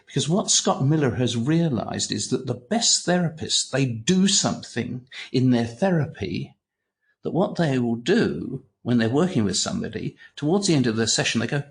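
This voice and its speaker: An older man, a retired clinical psychologist, chatting as an interview guest and telling animated anecdotes, often repeating words and swearing. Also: medium pitch, moderate pace, vocal fry. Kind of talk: casual interview storytelling.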